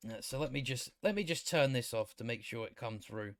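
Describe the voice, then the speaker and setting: A man's voice: medium pitch, lively intonation, a little fast, no echo, clean studio sound. A man giving a casual, ranting review of a show, blunt, sarcastic and profane, often restarting his sentences.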